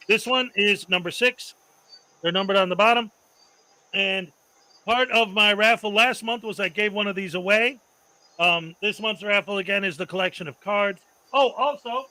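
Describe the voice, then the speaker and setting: A man's voice: high-pitched, pushed and bright, low-quality recording. A man hosting a casual livestream, chatting loosely and laughing often as he shows off prizes. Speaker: host.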